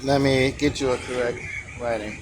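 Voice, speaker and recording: A man's voice: mid-range voice, steady tone, moderate pace, slight background noise. A man teaching on camera in a casual, easygoing, informal way. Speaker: calligraphy teacher.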